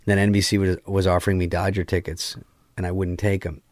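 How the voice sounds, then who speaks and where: Low-voiced man telling a wild story. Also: fairly quick, no room sound, studio quality. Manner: profane, animated, acts out quoted lines. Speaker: guest. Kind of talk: casual storytelling.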